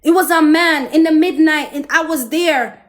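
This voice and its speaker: Jamaican woman host, high voice, talks straight to her viewers, emotional testimony, preachy. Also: moderate pace. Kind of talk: personal storytelling to viewers.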